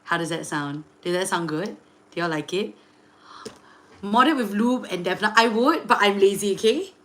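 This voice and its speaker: A young woman, hosting a casual livestream, chatty and full of fillers, excitedly greeting viewers. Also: mid-range voice, moderate pace, a little hiss or hum. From Singapore. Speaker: livestream host and tarot reader.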